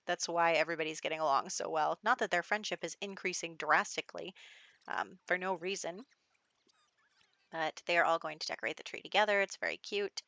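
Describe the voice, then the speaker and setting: A gameplay commentator, a woman with a low-ish, pushed, bright voice, gives a chatty let's-play of a life-sim game. She laughs often and voices characters' lines in passing. The recording is dry.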